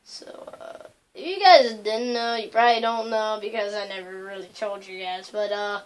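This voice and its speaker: A woman's voice: mid-range voice, normal speed. A woman hosting a casual let's-play of a video game, rambling along with lots of fillers and loose asides. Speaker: gaming channel host.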